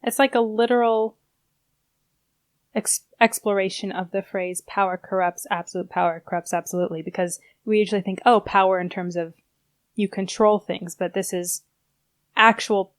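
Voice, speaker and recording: A woman co-hosting a podcast, chatting casually about a book in a rambling, quick-bursting way. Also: medium pitch, fairly even intonation, no room sound. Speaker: podcast co-host.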